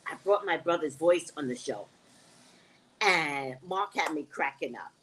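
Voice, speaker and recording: Low-pitched and unhurried, a woman hosting a relaxed live stream reads out comments from viewers and replies with blunt jokes. She's animated and laughs often, and there's slight background noise.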